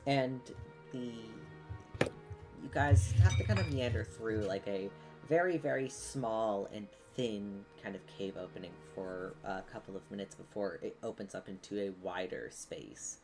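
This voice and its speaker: A woman's voice: rumbling low, measured pace, darkish tone, faint music behind. A woman narrating a tabletop game as game master, hesitant, with many ums and likes.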